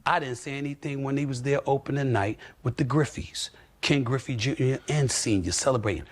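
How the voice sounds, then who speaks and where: A man giving sports commentary on TV with forceful, repetitive, preacherly emphasis. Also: mid-range voice, a little fast.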